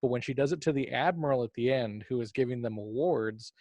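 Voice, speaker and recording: Male co-host, analytical and articulate, mid-pitch, dry close recording. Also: brisk, no echo. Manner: articulate, analytical, steady arguing. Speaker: podcast co-host reviewing a TV episode. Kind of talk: casual review chat.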